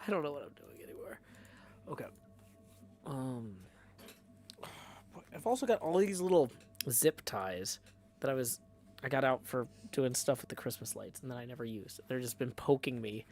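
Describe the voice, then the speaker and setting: A man with a gravelly, slightly rough voice talks through a live stream as he plays, reading out chat and thanking viewers. He hums nonsense syllables and mutters to himself between dry, offhand jokes. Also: fairly high pitch, big pitch swings, normal speed. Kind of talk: casual livestream chat while playing.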